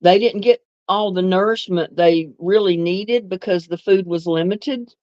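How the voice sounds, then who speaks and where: A woman's voice: lowish voice, a little slow, a little mellow, no room sound, muffled recording. An older woman from North Carolina with a Southern accent mixed with some Northern, chatting on a livestream, reminiscing and reading viewer comments with easy laughs. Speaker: livestream host.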